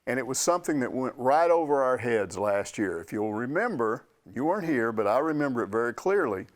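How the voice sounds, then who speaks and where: An older man telling a long sports story in a relaxed, chatty way. His pitch swings widely as he acts out what others said, and the delivery stays lively throughout. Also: fairly quick. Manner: animated storyteller, acts out quotes. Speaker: sports reporter answering questions. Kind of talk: casual storytelling chat.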